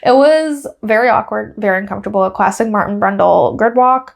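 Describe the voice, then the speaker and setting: A woman with a fairly high voice hosts a casual solo podcast. She chats and giggles through her recap and acts out other people's quotes in raised, lively voices. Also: brisk. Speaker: podcast host.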